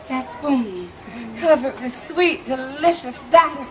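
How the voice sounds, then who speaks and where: An animated, playful woman storyteller performs live and leads her audience in call-and-response. Her voice is high and bright in pitch. The recording is noisy, with the open sound of an outdoor theme park around her. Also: normal speed. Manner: animated, playful, laughs often.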